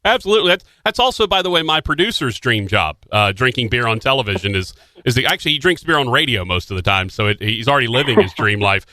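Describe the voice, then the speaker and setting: Radio host guy, bright tense voice, stumbles and restarts, dry studio mic. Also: mid-range voice, dry recording. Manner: halting, many restarts, lively questions. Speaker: radio talk show host. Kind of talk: radio interview.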